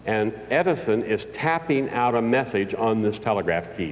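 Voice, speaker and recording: A man's voice: lowish voice, big pitch swings, moderate pace, a little hiss or hum. Older man telling stories in a big hall. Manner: folksy storytelling with audience questions. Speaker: motivational speaker. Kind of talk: live motivational speech. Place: large hall before an audience. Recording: distant reverberant hall recording.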